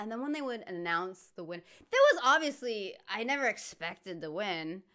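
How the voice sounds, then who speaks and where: A woman from the United States talks straight into a desk mic at home, voice smooth and clean. She rants in loose, animated bursts, full of "like" and restarts. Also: medium pitch, normal speed, few pauses. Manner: animated, frequent fillers and restarts, swears casually. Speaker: reaction channel host. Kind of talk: casual reaction rant.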